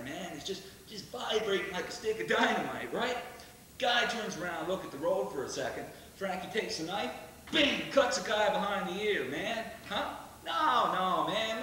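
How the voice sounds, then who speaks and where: A man acting out a rowdy young stoner, high-voiced and rambling with crude laughs. His bright, sharp tone rings out across a theatre stage. It is recorded from well back in the room, with heavy echo. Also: slight background noise, exaggerated voice. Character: rowdy young male stoner bragging about a wild ride. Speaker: stage actor in a one-man show. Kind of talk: theatrical monologue. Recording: echoey stage from far off.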